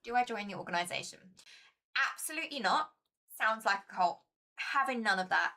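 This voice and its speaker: A young woman streams her board game play in a chatty, easily excited way. Her voice is bright and sits a bit high, with a playful, giggly lilt. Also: brisk. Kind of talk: casual live-stream board game playthrough.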